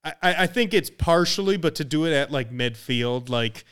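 A man's voice: a little high, expressive, normal speed, a bit bright, clean tone. A man co-hosting a casual sports podcast, making emphatic, opinionated points and swearing for emphasis. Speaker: podcast co-host.

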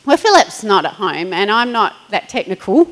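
A woman's voice: mid-range voice, very animated, moderate pace, poor audio. A middle-aged woman pastor, preaching in a chatty storytelling way, laughing and acting out quotes. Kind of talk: sermon.

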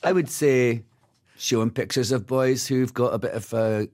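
A man with a Scottish accent chatting as a guest, playful and animated, often breaking off mid-sentence. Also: mid-range voice, normal speed. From Scotland. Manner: animated, playful, self-interrupting. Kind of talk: casual interview chat.

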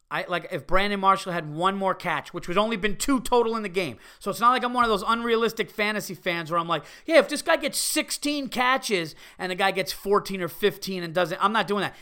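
A middle-aged man hosting a casual comedy podcast, ranting profanely and excitably as he reads listener emails. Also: high-pitched, normal speed, smooth. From Italian-American heritage.

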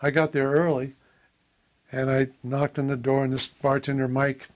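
A man's voice: medium pitch, normal speed. An older man from Iowa, a jazz saxophonist, casually telling anecdotes and acting out the voices of the people in them. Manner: animated storyteller, acts out quoted voices, laughs often.

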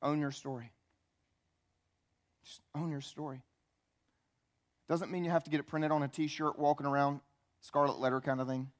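A man preaching a church sermon, swinging between quiet, intimate asides and loud, emphatic peaks. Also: on the high side, level tone, normal speed, pauses often. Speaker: pastor. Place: church sanctuary.

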